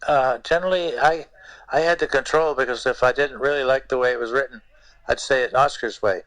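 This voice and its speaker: An older man, a guest puppeteer, telling stories in an interview in a halting way, repeating words and using many fillers. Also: mid-range voice, a bit bright, dry recording, poor audio. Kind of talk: anecdotal interview storytelling.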